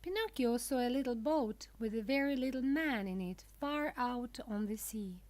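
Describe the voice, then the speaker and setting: A woman narrating a children's storybook for English learners, with clear, deliberate, simple phrasing. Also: a little high, expressive, darkish tone.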